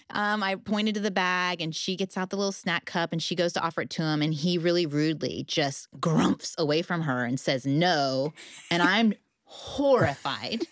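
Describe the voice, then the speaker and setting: A woman telling lively stories about motherhood as a guest in casual chat. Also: fairly low pitch, normal speed, no echo, studio quality. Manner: animated storyteller. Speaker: guest author.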